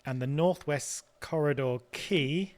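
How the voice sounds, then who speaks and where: A man's voice: a little high, takes it slowly, darkish tone. A man hosting a let's play, thinking aloud in casual commentary and stumbling over repeated words.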